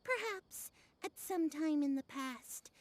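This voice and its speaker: Grand mystical fortune teller lady, slow dramatic delivery, high voice, game dub. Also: animated, dry recording. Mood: puzzled. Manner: archaic, dramatic, drawn-out.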